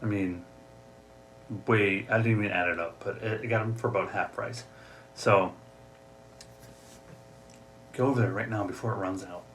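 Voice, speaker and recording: A man's voice: fairly low pitch, fairly even intonation, moderate pace, pauses often, fairly bright tone, a little hiss or hum. Chatty Upper Midwest man, podcast host. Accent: Upper Midwest American. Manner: chatty, jokey, acts out voices for gags. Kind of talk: casual solo podcast chat. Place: home office. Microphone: desk mic, also streaming live.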